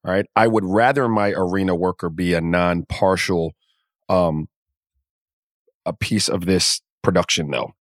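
A man's voice: low voice, steady tone, unhurried, no room sound, clean studio sound. A man co-hosting a podcast who gives strong opinions in casual sports chat. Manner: opinionated, emphatic, with many restarts. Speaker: podcast co-host.

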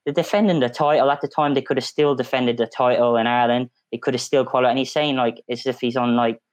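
A man's voice: medium pitch, quick pace, no echo, poor audio. A man on a football podcast panel telling a long story in a casual, chatty way with frequent restarts. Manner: storytelling, animated, many restarts.

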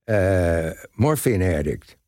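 An older man from Nebraska, a podcast guest telling anecdotes and pausing to recall names. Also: deep voice, expressive, a little mellow, no echo, clean studio sound. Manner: reflective, searching for names. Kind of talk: casual chat, anecdotes.

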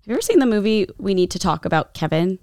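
A young woman co-hosting a podcast in casual chat, her voice rough from a loud night out, chatty and laughing often. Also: medium pitch, expressive, fast, dry recording, clean studio sound. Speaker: podcast co-host.

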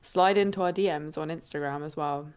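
A woman's voice: low-pitched, brisk, a little mellow, clean tone. Girl cohost, giggly, enthusiastic, casual chat. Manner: giggly, enthusiastic, swears freely. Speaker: podcast co-host.

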